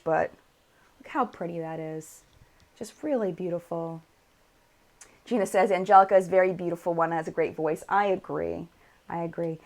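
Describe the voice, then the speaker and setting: A woman's voice: lowish voice, creaky. An American woman hosting a casual live chat, reading viewer comments aloud and showing makeup on camera.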